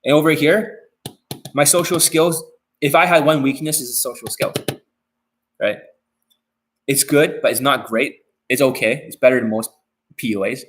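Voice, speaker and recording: A man holds a live stream Q&A as a dating coach. His voice sits at an ordinary middle pitch. He talks bluntly and curses freely, rambling and circling back over the same phrases. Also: fairly even intonation, moderate pace, long pauses, fairly bright tone, low-quality recording. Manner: repeats and restarts phrases.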